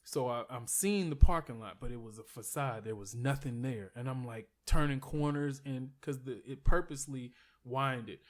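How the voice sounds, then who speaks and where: A man's voice: medium pitch, normal speed, hardly any pauses. A man, a podcast guest, telling a long story in a casual, rambling way, full of "like" and "you know", with some profanity. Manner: profane, animated retelling.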